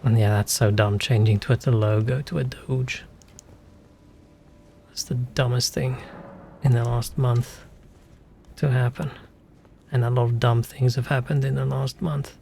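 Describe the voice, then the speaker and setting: Gravelly man streaming games. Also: medium pitch, steady tone, a little slow, pauses often, warm tone, slight background noise. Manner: musing, chatty, wanders off on tangents. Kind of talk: casual gameplay commentary.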